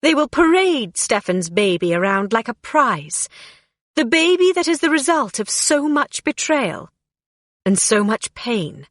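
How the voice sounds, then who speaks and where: A woman's voice: fairly high pitch, very animated, measured pace, dry recording, studio quality. A woman reading an audiobook, voicing a proud, bitter female fairy ruler who speaks in a commanding, impatient way.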